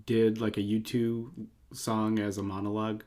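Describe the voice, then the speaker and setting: A man's voice: on the low side, flat delivery, normal speed, mellow. A man co-hosting a podcast, asking curious follow-up questions in a casual chat. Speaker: podcast co-host.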